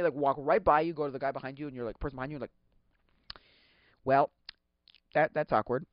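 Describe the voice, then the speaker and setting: A man hosting a podcast, chatting casually in a rambling, excitable way, laughing often and acting out quotes. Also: mid-range voice, fast, long pauses, dry recording. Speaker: podcast host. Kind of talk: casual solo chat. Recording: dull lo-fi sound.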